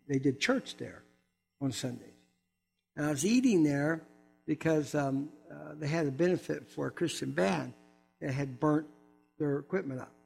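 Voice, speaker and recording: This is an older man delivering a sermon as a personal testimony, with a notably high voice for a man. His manner is animated and humorous, full of quick asides. Faint music plays in the background. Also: vocal fry, husky. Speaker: preacher.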